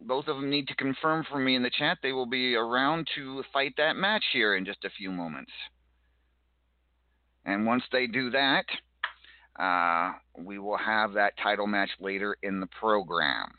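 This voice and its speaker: Halting male host on a tinny line. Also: on the low side, dry recording. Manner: halting announcer, stumbles on words. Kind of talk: online wrestling show hosting. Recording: dry, tinny phone-like line.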